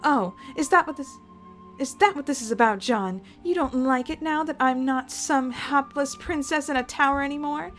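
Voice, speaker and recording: A woman reading as a defensive young woman with a sharp tongue. She snaps back in a high, indignant voice, with faint music behind. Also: moderate pace, lightly acted. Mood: sarcastic.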